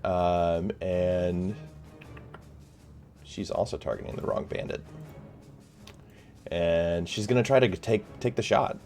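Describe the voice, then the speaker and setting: A man's voice: deep voice, fairly even intonation, slow, pauses often, a little mellow, faint music behind. A man narrating a tabletop game as game master, hesitant with many fillers.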